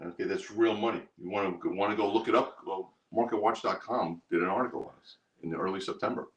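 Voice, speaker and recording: Deep-voiced guy talking fast on a trading live stream, pushy and repetitive. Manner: emphatic, repeats himself. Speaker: trading group host. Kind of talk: live stream sales pitch.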